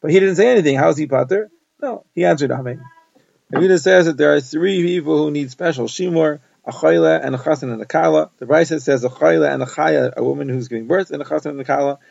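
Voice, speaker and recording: A man teaching a Talmud page at a brisk clip, his voice heavily gravelly and pitched a little high. He recites verses in Hebrew and glosses each in English, on a dull, dry, lo-fi recording. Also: a little mellow, no echo. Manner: rattles off Hebrew verses then explains them in English. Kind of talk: fast Talmud page summary lesson.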